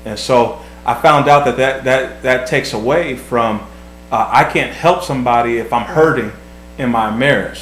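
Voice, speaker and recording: A vlog host and husband with a medium-pitched, slightly bright voice gives casual advice in an echoey room with a faint hum. He's earnest and repeats words while he thinks.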